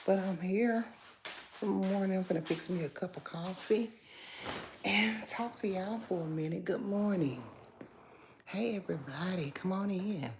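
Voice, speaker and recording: A woman hosting a casual morning livestream from home, greeting viewers by name and chatting with some sass, now and then dropping to a low voice. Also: measured pace, background noise. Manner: talks low at times so as not to wake the house. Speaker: livestream host.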